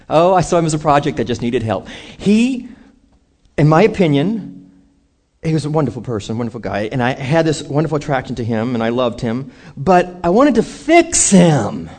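A man delivers a sermon as a story, his voice sitting a little high and swinging widely in pitch. He acts out the quoted lines with animation, rising and falling sharply. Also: darkish tone. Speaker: preacher.

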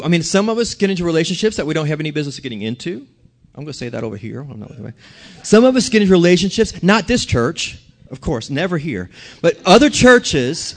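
A man preaching a sermon in a church, animated, quizzing and joking with the congregation. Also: sits high. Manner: animated, questions and jokes with the congregation. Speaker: pastor.

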